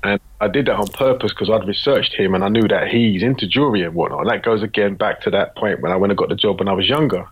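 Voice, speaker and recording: Husky British man telling animated stories. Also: on the low side, fast talker, few pauses, highs cut off. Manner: animated anecdotes, slangy, laughs while telling stories. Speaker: guest, creative director. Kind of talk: casual storytelling in a podcast interview.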